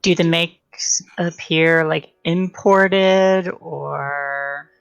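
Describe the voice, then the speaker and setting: A woman's voice: low-pitched, steady tone, drawn-out words, vocal fry, clean tone, no echo, lo-fi sound. A woman playing a tabletop role-playing game, asking questions and thinking aloud about clues. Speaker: player. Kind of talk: casual tabletop game chat.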